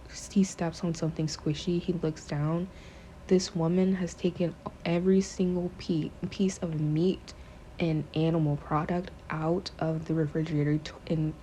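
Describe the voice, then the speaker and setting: Casually recounting the plot of a book, a female podcast host rambles along, cursing and filling her speech with fillers. Her voice is lowish and mellow, with a little hiss or hum in the recording.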